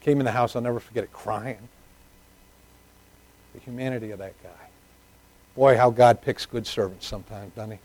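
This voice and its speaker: Preacher man swinging hushed to loud. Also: mid-range voice, fairly even intonation, normal speed, long pauses, no echo, poor audio. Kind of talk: sermon with personal stories.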